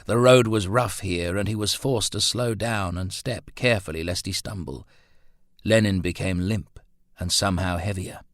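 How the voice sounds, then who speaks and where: A man narrating a thriller audiobook in a measured, steady reading. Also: sits low, no room sound.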